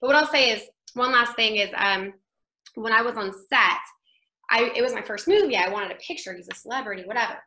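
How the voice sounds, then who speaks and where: A woman actress telling an anecdote as an interview guest, animated and chatty, laughing often and acting out what others said. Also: on the high side, brisk, reverberant, rough recording.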